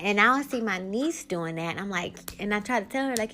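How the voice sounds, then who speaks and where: A woman's voice: medium pitch, a little fast, fairly bright tone. Candid woman hosting a solo podcast. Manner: candid, emphatic, rambling. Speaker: podcast host.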